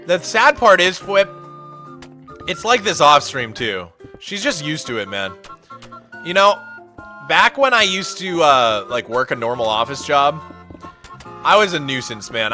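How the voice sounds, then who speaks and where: A male streamer tells rambling, animated stories to his chat and peppers them with "dude" and "man." His voice is bright and sits a bit high. Faint game music plays behind him. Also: moderate pace, long pauses. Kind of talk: casual chat with viewers.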